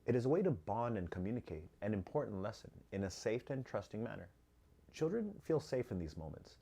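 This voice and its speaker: Male host, parenting advice read; lively pitch, husky tone, emphatic repetition. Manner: emphatic, repeats key phrases with rising force.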